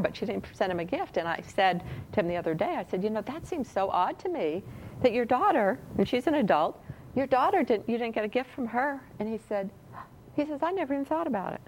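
A woman's voice: medium pitch, lively intonation, a little fast, a little hiss or hum, poor audio. A woman leading a relationship workshop, chatting and asking her audience questions. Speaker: workshop leader. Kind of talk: teaching a relationship class.

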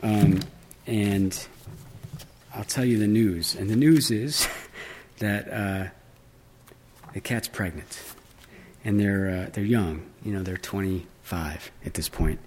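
A man's voice: lowish voice, takes it slowly, pauses often, a little mellow, slight background noise. A man reading fiction aloud, with casual, filler-laden asides between passages.

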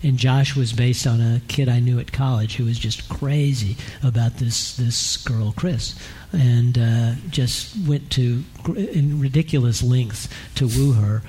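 A man, a screenwriter guest, telling stories in a relaxed, anecdotal way during a casual onstage conversation. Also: medium pitch, husky.

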